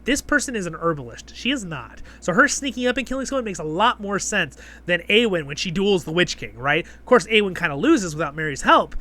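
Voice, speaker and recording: A man's voice: high-pitched, animated, fairly quick, few pauses, pushed and bright. A man hosting a casual spoken review, chatty and rambling, full of fillers and frequent "right?" checks. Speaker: host and show reviewer.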